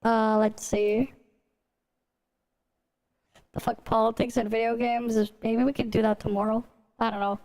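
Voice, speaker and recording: A woman's voice: a little high, flat delivery, measured pace, long pauses, darkish tone. A woman streaming and reacting to videos in a giggly, loose, unfiltered way. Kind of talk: casual reaction stream chat.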